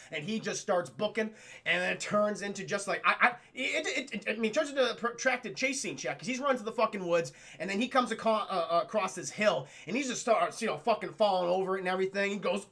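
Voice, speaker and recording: A man's voice: sits high, brisk, creaky, pushed and bright. A man recapping a film scene by scene for his live chat, laughing, swearing and acting out the characters' lines. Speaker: streamer reviewing a film.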